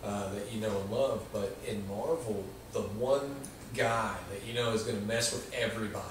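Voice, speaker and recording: A man's voice: lowish voice, moderate pace, background noise. A man hosting a casual comic book chat, playful and jokey, recorded in an echoey room. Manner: playful, jokey, slips into silly villain voices. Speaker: podcast host. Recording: echoey room, far from the mic.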